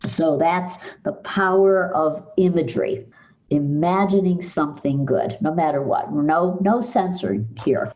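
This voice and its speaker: An older woman psychologist, a podcast guest, calmly guiding listeners through mind-body exercises. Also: low-pitched, muffled recording. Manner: calm, measured, guides listener through exercises. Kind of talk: podcast interview, explaining techniques.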